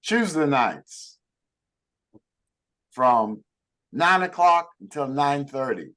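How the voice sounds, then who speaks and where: A man's voice: medium pitch, sing-song, slow pace, bright, forceful tone. A middle-aged man coaching a group on network marketing, talking emphatically and calling on listeners by name. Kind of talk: motivational talk to a group.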